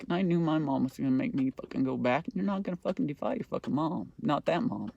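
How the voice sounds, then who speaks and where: A man's voice: a little high, quick pace, gravelly, few pauses, dark tone, lo-fi sound. A middle-aged man hosting a podcast, telling a rambling story in a casual, profane monologue. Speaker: podcast host.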